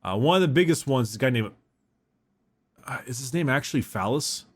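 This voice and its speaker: A man talking casually on a podcast at a middling pitch. He rambles, laughs often and stumbles over names as he goes. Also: lively intonation, brisk, breathy edge. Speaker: podcast co-host. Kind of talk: casual chat.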